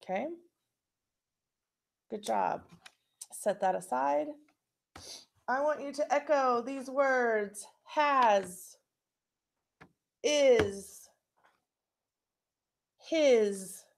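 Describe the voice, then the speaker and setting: A woman leads a children's phonics lesson at a very slow, deliberate pace, sounding out each syllable. Her voice sits a little high and carries a gravelly fry, and her manner stays patient and encouraging. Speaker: teacher.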